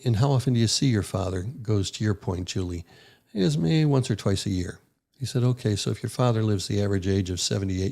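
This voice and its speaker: A man's voice: fairly low pitch, gravelly, a little mellow. An older man, a retired naval officer, telling a personal story in a casual, folksy way and acting out the quotes. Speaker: podcast guest, retired rear admiral.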